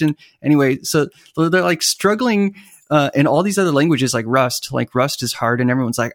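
Animated man on a dry mic. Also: on the high side, fairly quick, no room sound. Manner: animated, acts out other people's voices. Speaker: podcast guest, web developer. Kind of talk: conversational interview.

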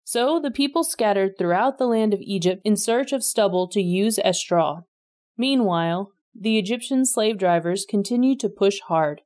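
A woman reading a Bible passage aloud in a steady, measured way. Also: medium pitch. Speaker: scripture reader.

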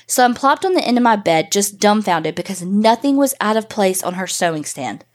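A woman reads a listener's ghost story out loud, voicing it in the first person with a loose, animated, swear-heavy casualness. Her pitch is mid-range and her pace moderate.

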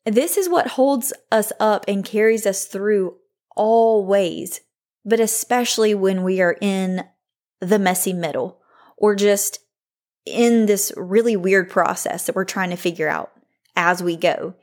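A woman in her thirties hosts a faith-based podcast, speaking candidly and reflectively with frequent "like" fillers. Her voice is medium-pitched with a darkish tone, and she keeps a measured pace.

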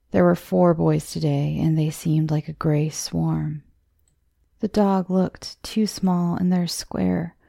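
A woman hosting a horror story show, reading the tale in a measured, scripted way. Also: low-pitched, gravelly, mellow, no echo, clean studio sound. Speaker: horror story narrator, podcast host.

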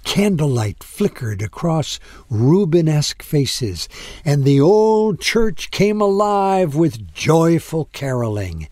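A man narrating a heartfelt story in a slow, expressive way with dramatic pauses. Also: fairly high pitch, no room sound, clean studio sound.

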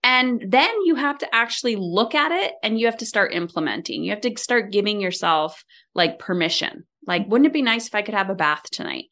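Animated woman telling stories in an interview. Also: mid-range voice, fairly quick. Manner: animated storytelling, acts out quoted lines. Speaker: podcast guest, leadership coach. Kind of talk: conversational interview.

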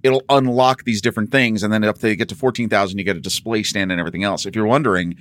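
A man's voice: lowish voice, fairly even intonation, quick pace, fairly bright tone. A man, a podcast co-host, explaining things step by step in a wry, casual way. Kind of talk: casual chat.

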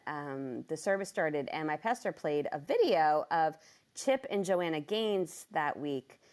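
A woman who runs a business tells a personal faith story. She talks with feeling and her voice jumps high when she acts out her own thoughts. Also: clean tone. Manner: animated, emotional, jumps high when quoting herself. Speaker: business owner and speaker.

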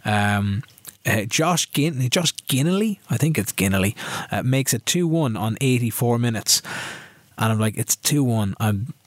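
Male co-host, rambling chat, self-deprecating, even middle voice, dry recording. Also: medium pitch, measured pace, dry recording. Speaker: podcast co-host. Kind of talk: casual chat recapping a video game season.

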